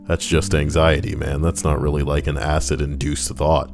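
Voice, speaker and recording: A man's voice: extremely low pitch, little pitch movement, normal speed, gravelly, music in the background. A man reading stories aloud as a host, breaking off for sarcastic, rambling comic asides. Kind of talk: comedic reading with commentary.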